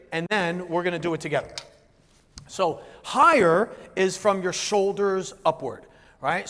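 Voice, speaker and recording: Animated high-voiced man lecturing a room. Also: in a large hall. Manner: animated, asks the room questions, acts out voices. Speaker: business speaker. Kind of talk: live seminar talk to an audience.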